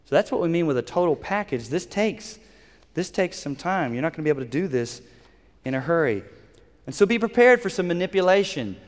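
A man's voice: fairly high pitch, big pitch swings, a little fast. Earnest male pastor in a reverberant hall. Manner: earnest, instructive, pleading. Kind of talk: sermon.

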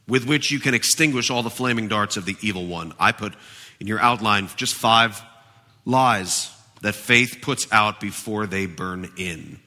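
A man pastor preaching a sermon, animated and emphatic, in a church with a long reverb. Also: fairly low pitch.

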